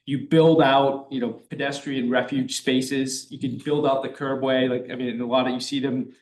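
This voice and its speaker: A man's voice: medium pitch, level tone, moderate pace, a little mellow, reverberant. A man speaking at a town committee meeting, thinking aloud with many fillers and restarts. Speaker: committee member.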